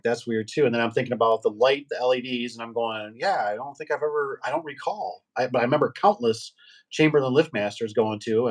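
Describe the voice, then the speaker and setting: Rambling middle-aged man telling shop stories. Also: medium pitch. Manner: rambling, animated anecdotes with acted-out quotes. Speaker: guest, garage door business owner. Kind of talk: casual storytelling chat.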